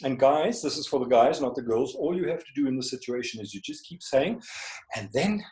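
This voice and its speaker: A man's voice: mid-range voice, brisk, darkish tone. Man teaching a class in an echoey room. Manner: checks in often with rhetorical questions. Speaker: communication skills trainer. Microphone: video call. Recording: echoey room over a video call.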